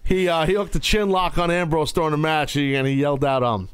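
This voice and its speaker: A man hosting a wrestling podcast, talking casually and loudly, with playful outbursts. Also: a little high, fairly even intonation, fairly quick, smooth, dry recording. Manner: loud, playful, breaks into shouting bits. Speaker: podcast host. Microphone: studio mic.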